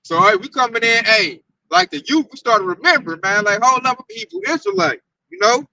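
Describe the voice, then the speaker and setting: A man with a Southern US accent, teaching scripture in an animated, slangy, hyped-up way. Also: extremely high pitch, a little fast, vocal fry, recorded from a distance, poor audio. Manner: loud, slangy, hyped-up preaching. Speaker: Hebrew Israelite teacher.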